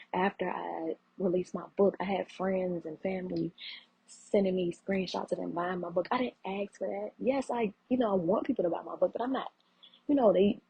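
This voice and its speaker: A woman in her thirties hosts her own podcast, earnestly preaching encouragement in heartfelt solo talk and repeating phrases for emphasis. Her medium-pitched voice is gravelly with a breathy edge, heard through muffled lo-fi audio.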